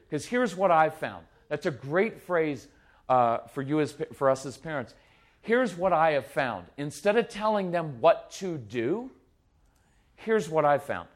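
A middle-aged man with a fairly high voice talks about parenting. He is energetic and conversational, keeps asking "right?", and slips into quick quoted voices to act out little scenes. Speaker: parenting speaker. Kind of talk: live parenting talk.

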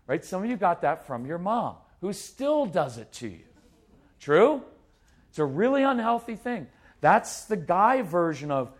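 In a live talk to an audience, a middle-aged parenting speaker is intense and animated, slipping into quick put-on voices for parents and kids. His voice is high-pitched.

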